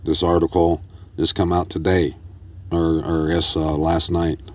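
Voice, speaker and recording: A man hosting a religious commentary video, reading news articles aloud with frequent restarts and halting phrasing. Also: deep voice, flat delivery, darkish tone. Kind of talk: casual scripture commentary.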